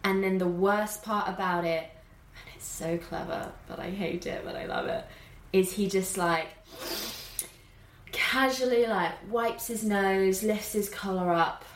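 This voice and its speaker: A woman co-hosting a casual podcast, retelling a film plot quickly and animatedly with lots of fillers. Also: mid-range voice, echoey room. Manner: animated, fast storytelling with many fillers.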